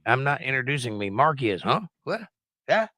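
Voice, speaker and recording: Sarcastic Southern man, bright dry voice. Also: medium pitch, very animated, moderate pace, no echo. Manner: sarcastic, theatrical announcer bursts. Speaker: guest commentator. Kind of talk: mocking commentary over news clips.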